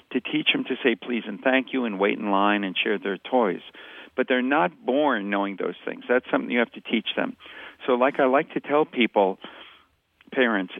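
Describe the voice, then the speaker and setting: Gravelly man explaining over a tinny line. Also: mid-range voice, no room sound. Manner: explanatory, uses short repeated phrases, acts out examples. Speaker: parenting expert guest. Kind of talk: conversational podcast interview. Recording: dry, tinny phone-line sound.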